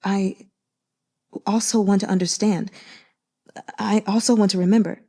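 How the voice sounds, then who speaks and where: A woman reading the part of a broken young man with a damaged mind, speaking in halting, stammering short sentences while choked up and near tears. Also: high-pitched, steady tone, a little mellow. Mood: pleading.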